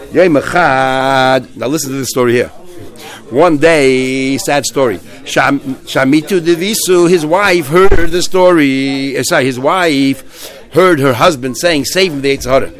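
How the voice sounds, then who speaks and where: Male Talmud teacher, slightly higher pitch, animated storyteller with frequent restarts. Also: moderate pace. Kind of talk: Talmud class retelling stories.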